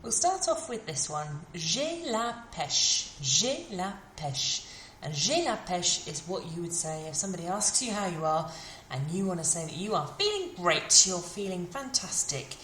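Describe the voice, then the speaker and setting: A woman, teaching beginners French idioms and repeating each phrase slowly. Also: lowish voice, sing-song, fairly bright tone, roomy sound, a little hiss or hum. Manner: slow, carefully modelled French phrases between English explanations. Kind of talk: beginner language lesson.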